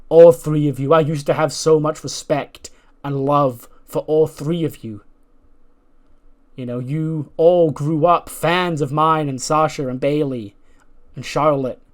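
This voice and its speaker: A man's voice: a little high, fairly even intonation, slow, pauses often. A man voicing a proud veteran female wrestler who scolds in emphatic bursts. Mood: angry.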